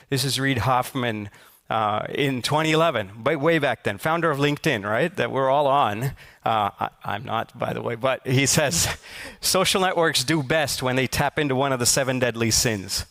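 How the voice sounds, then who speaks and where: Male conference speaker with a gravelly edge, reflective and conversational, full of ums and restarts. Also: mid-range voice, a bit bright. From Silicon Valley, United States. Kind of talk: conference talk, personal storytelling. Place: conference stage.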